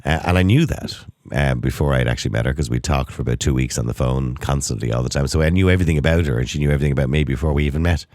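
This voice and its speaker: A middle-aged Irish man hosting a radio show, chatting and laughing in an animated way on a studio mic. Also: a bass voice, rapid-fire, hardly any pauses, no echo. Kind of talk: casual radio chat.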